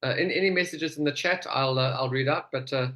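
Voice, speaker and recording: A man's voice: medium pitch, quick pace, pushed and bright. A man hosting an online whisky tasting, hesitant with many fillers, speaking over a video call. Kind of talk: online tasting host chat.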